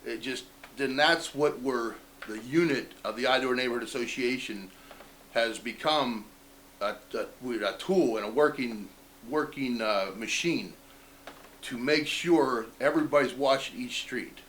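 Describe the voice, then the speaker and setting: A man's voice: mid-range voice, a little slow, fairly bright tone, a little hiss or hum, low-quality recording. Emphatic man from a neighborhood group. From Youngstown, Ohio, USA. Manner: emphatic, reeling off lists. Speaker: neighborhood association member. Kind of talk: documentary interview.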